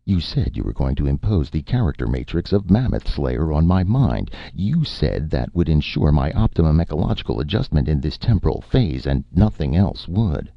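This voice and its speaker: Man doing a bossy scheming young guy, quick and commanding, deep husky voice. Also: big pitch swings, no room sound, lo-fi sound, heavily acted. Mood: brisk. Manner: brisk and commanding. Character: brisk, scheming young man, later brutish.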